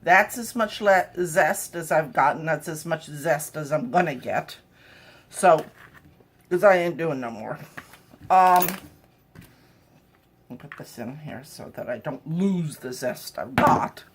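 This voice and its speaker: Slow and prone to frequent pauses, her low voice has a slightly rough edge. She's a home cooking vlogger in her kitchen, talking wryly to camera while she cooks and cracking jokes in a relaxed demo.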